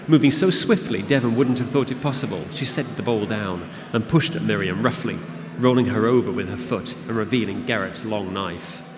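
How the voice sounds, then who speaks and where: A man reading his fantasy novel aloud to an audience at a convention, in a steady, measured narration. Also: on the low side. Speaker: author reading his book. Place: convention event room. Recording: long hall reverb with audience.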